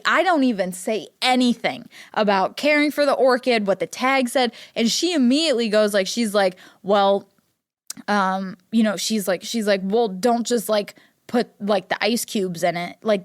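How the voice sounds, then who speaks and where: Young woman podcaster from Ohio, casual and chatty, "like"-heavy, mid-pitched voice, close dry mic. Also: moderate pace, no echo. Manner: chatty and animated, heavy use of "like", acts out quotes in a higher voice. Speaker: podcast host. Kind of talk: casual solo podcast chat.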